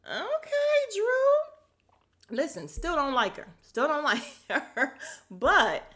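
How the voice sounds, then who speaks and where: A woman hosting a casual podcast recap of a reality show, chatty and animated, laughing often and acting out the people she quotes. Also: high voice, a little slow. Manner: acts out quoted people's voices. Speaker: podcast host.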